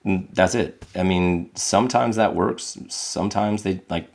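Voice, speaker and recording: A middle-aged podcast guest with a low, creaky, darkish voice speaks unhurriedly. He tells candid, reflective stories about his parenting, acting out quotes in a raised voice.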